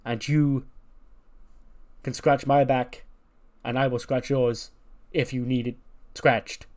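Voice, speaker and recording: A man's voice: medium pitch, level tone, takes it slowly, a little mellow, natural voice. A man voicing a stern, domineering male wrestler who barks orders at a partner. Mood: commanding. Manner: barking, commanding.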